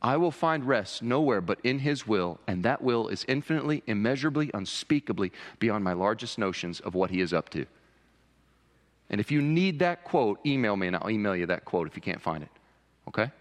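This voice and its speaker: A man preaching a sermon as pastor, impassioned, often rising high for emphasis. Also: big pitch swings, brisk. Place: church sanctuary. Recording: long reverb of a church hall.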